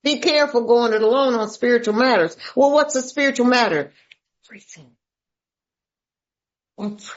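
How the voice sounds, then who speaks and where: A woman's voice: a little high, fairly quick, pauses often, highs cut off. A woman from Atlanta sharing her recovery story at a meeting, folksy and emphatic, calling listeners "baby".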